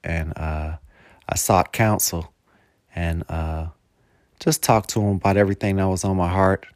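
A rambling man talking through a casual podcast monologue in a somewhat low voice, swearing freely and dropping "man" into every sentence. He turns heartfelt and choked up at times. The sound is dry and close, with no room echo. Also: fairly even intonation, unhurried, a little mellow. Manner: profane, peppers every phrase with "man". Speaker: podcast host.

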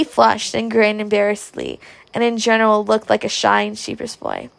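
A woman reading a classic novel aloud, at a steady, unhurried pace. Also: mid-range voice, vocal fry, no room sound. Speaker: audiobook reader.

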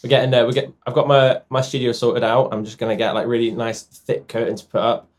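A man's voice: mid-range voice, level tone, a little fast. A man co-hosting a casual podcast, reading short myths aloud and tripping over his lines with laughter, on one mic shared in a room at the back of a house. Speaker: podcast co-host. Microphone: one microphone shared by two people.

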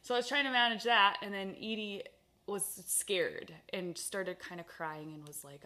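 A woman's voice: mid-range voice, fairly even intonation, measured pace, sharp tone. A woman hosting a casual kitchen chat with her sister, telling stories animatedly and laughing often. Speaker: podcast host.

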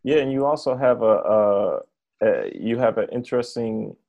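A man hosting a casual interview over a video call, asking questions in a halting way with many restarts. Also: mid-range voice, lively intonation, vocal fry, mellow, lo-fi sound. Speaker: interviewer host.

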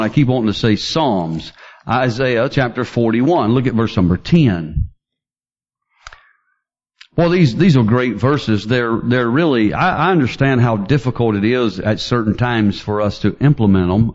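A man preaching a sermon, fervent and building to near-shouts as he quotes scripture. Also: mid-range voice, dull audio.

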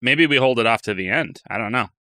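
A man's voice: mid-range voice, quick pace, bright, forceful tone, no room sound, clean studio sound. A man co-hosting a casual chat, cracking crude jokes and swearing freely. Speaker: podcast co-host.

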